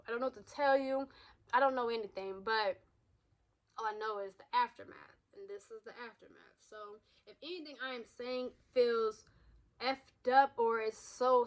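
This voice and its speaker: A woman's voice: fairly high pitch, fairly bright tone. A woman in her thirties speaking candidly in a personal vlog, raw and emotional, blunt, with frequent swearing and restarts. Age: 30s. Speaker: vlogger.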